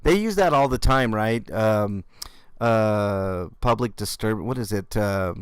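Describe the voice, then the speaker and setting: A man's voice: lowish voice, lively intonation, slow pace, smooth, no room sound. A man hosting a channel, giving casual, sarcastic commentary on police footage with frequent swearing. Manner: sarcastic, mocking, swears freely. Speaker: YouTube channel host reacting to police video.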